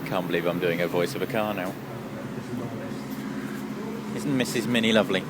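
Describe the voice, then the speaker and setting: A man vlogging outdoors and from truck cabs, excitable and laughing often in casual commentary. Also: sits low, moderate pace. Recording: loud engine and traffic noise.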